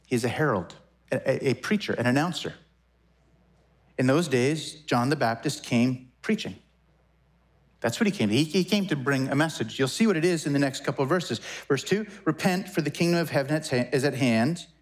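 A man in his forties preaching a sermon as a pastor, animated and conversational, with quick asides and self-corrections. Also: fairly high pitch. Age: 40s.

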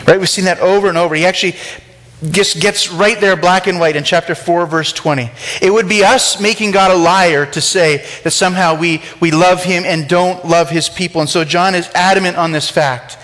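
A man's voice: high-pitched, brisk, a bit bright. A man preaching a sermon in a conversational way, asking rhetorical questions and acting out the voices he quotes. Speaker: pastor.

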